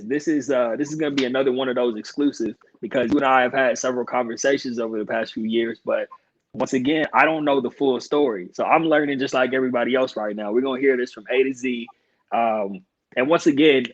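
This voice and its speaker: A man hosts an interview over a video call and speaks to his guest in an encouraging, thoughtful way. His voice sits at a middle pitch, and the audio is dry and a little dull. He keeps a relaxed, conversational pace. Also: fast, no room sound. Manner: warm, affirming, thoughtful interviewer. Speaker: podcast host. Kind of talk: casual interview.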